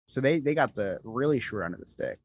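A man's voice: medium pitch, animated, fairly quick. Chatty man co-hosting a podcast. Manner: storytelling, repeats words while explaining. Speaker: podcast co-host. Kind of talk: casual chat.

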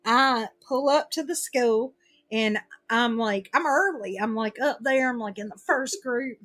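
A woman's voice: on the high side, a little slow. A woman telling a story in casual chat, acting out what everyone said. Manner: animated storytelling, acts out quoted dialogue.

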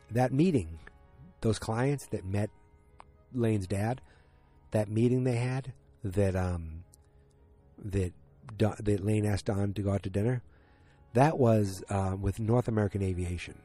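A man with a lowish, mellow voice talks through a TV episode recap in a loose, casual way. He rambles, restarts sentences and leans on fillers, then picks up speed when the story gets tense. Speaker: TV show recapper.

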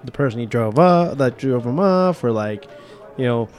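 A man's voice: medium pitch, expressive, moderate pace, darkish tone. A man playing a character in a tabletop game, talking in a rambling, hesitant way. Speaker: player.

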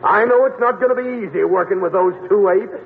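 A man's voice: high-pitched, fairly quick, creaky, big-room sound. A man playing a brusque, impatient show producer in a 1940s radio comedy. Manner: brusque, bossy. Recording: tinny old radio broadcast with loud hiss.

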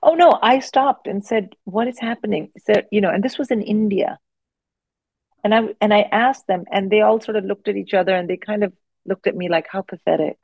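A woman in her forties, a guest comedian telling animated stories in casual podcast chat. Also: medium pitch, a little fast, dry recording, poor audio. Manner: animated, expressive anecdotes with frequent restarts.

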